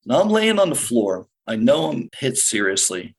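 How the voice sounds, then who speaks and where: A middle-aged man tells in the present tense how he survived a shooting, sometimes rushing ahead and sometimes slowing down heavily. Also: medium pitch, very animated, breathy edge, poor audio. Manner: vivid present-tense retelling, sometimes rushed, sometimes slow and heavy. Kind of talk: first-person podcast storytelling.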